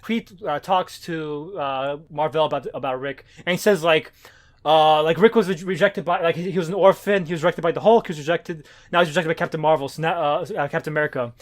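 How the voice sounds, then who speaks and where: Fast high-pitched guy rambling about comics, swears a lot, lots of uh and like. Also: fairly even intonation. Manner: rambling, swears often, many fillers and restarts. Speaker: podcast co-host. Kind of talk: casual comics podcast chat.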